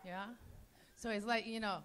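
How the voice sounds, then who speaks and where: A woman with a Spanish accent doing a halting stand-up set, searching for words and giggling. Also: mid-range voice, steady tone, fairly bright tone, a little hiss or hum. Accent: Spanish-accented English.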